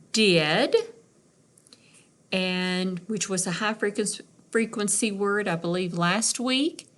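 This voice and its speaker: A woman's voice: mid-range voice, a bit bright. A middle-aged woman teacher giving a recorded reading lesson for young children, patiently sounding out words.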